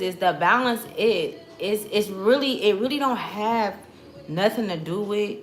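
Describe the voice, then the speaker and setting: A woman's voice: low-pitched, fairly bright tone, slight background noise. A young adult woman, a psychic, hosting a casual spiritual vlog in a loose, slangy, rambling way and often saying "you know what I'm saying". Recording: echoey room with faint ambience.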